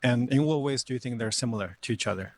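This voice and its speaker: Man, street interviewer, fast brisk questions. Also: medium pitch. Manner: brisk, prompting.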